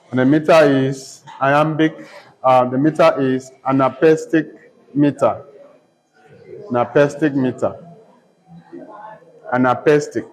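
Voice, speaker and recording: In a low-quality recording, a medium-pitched man gives a slow poetry lesson with dictation. He repeats each term several times and spells words out letter by letter.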